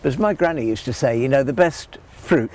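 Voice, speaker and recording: A man's voice: mid-range voice, brisk, darkish tone. Chatty man showing fruit picking outdoors. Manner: chatty, homely, rambling with restarts. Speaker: gardening show presenter. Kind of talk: friendly practical demonstration. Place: outdoor vegetable garden.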